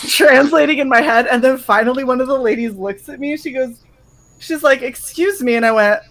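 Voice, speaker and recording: Laughing, profane woman with a higher voice. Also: a little fast. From United States. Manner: profane, animated storyteller who mimics voices and laughs often. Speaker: stream co-host. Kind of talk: casual chat on a live stream.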